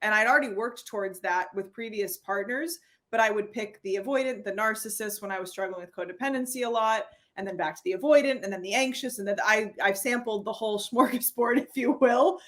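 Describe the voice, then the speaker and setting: A woman with a voice of ordinary, middle pitch speaks as a therapist guest on an interview. She tells stories in a lively way and often laughs. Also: a little fast. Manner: animated storyteller who acts out quoted dialogue and laughs often. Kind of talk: conversational interview.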